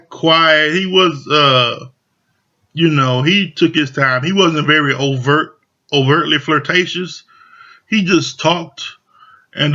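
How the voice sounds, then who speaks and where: Man, slightly high voice, chatty slangy recap, muffled lo-fi sound. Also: sharp tone. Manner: loose, chatty, full of slang and fillers. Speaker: reality show reviewer. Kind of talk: casual recap commentary. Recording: dull lo-fi audio.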